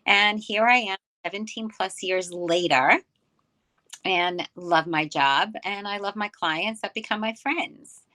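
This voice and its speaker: Bright-voiced older woman from New York. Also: mid-range voice, takes it slowly. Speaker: guest. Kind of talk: casual interview chat.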